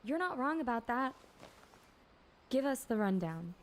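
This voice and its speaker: A woman's voice: a little high, very animated, unhurried, slight background noise. A woman playing a confident, dry-witted female warrior in a fan audio drama. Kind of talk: audio drama acting and narration.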